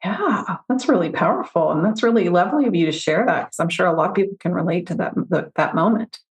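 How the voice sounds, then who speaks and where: Woman therapist on a podcast, lowish voice, easygoing, explains stuff with little client stories. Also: lively intonation, fast, echoey room. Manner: reflective, explains with examples and quoted client voices. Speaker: financial therapist guest. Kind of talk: conversational podcast interview.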